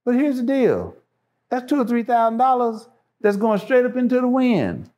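A man's voice: very high-pitched, very animated, normal speed, darkish tone. A man, a show guest, talking passionately and emphatically, repeating phrases to drive his points home. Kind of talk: impassioned casual talk.

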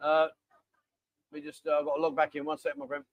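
A man's voice: fairly high pitch, very animated, fast talker, vocal fry, no room sound, muffled recording. A man, hosting a casual live chat from a bar, bantering and reading out viewer messages. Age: 40s. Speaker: livestream host. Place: busy bar.

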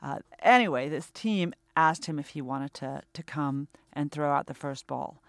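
A man hosting a podcast in a casual, upbeat way. His voice is smooth and somewhat high, recorded close and dry with no room sound. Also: normal speed, no room sound. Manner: upbeat, reads the sign-off brightly. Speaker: podcast host.

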